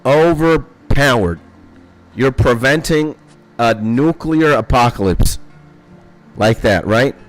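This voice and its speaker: A young man streaming a game, rambling excitably in casual chat and swearing a lot. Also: mid-range voice, takes it slowly, long pauses. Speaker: gaming streamer. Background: faint background music.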